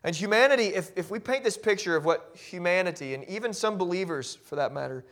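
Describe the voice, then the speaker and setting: Male pastor, high voice, impassioned sermon; quiet musing to loud emphatic preaching. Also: lively intonation, quick pace. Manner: repeats and restarts words when carried along.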